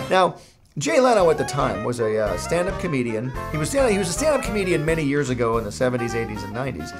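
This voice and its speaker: A man's voice: mid-range voice, big pitch swings, fast talker, music in the background. A middle-aged man, a cartoon creator, telling a comic story in a playful, jokey way.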